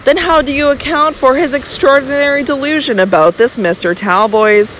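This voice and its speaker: A woman's voice: high voice, moderate pace, a bit bright, slight background noise, pitched above the performer's own voice, rough recording. A woman voicing a young lady who argues her case earnestly and coaxes her husband tenderly. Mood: coaxing. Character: scheming young lady, frightened yet persuasive.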